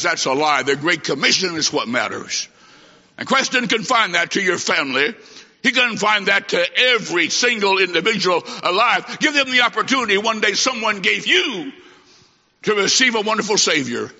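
A man preaching an emphatic sermon in a church, swinging from loud declarations to hushed asides. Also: sits high, animated, normal speed. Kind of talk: fiery sermon. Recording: dull lo-fi sound in a reverberant hall.

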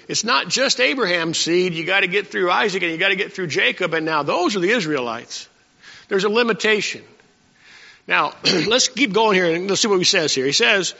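Throat-clearing preacher, gravelly and bright. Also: male voice, sits high. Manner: frequent throat clearing, folksy. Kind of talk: sermon. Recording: dull lo-fi recording in a long-reverb hall.

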